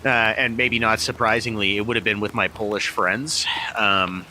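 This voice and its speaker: Standing out in a downpour, a middle-aged man chats casually about a beer for his vlog, often restarting hesitantly. He speaks at a normal speed with a fairly low, steady voice. The small camera mic picks up loud rain and slight background noise.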